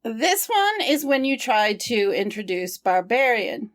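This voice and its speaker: A woman co-hosting a podcast speaks slowly in a slightly high voice. She sounds relaxed and amused, often breaking into laughter as she chats. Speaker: podcast co-host. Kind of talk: casual podcast chat.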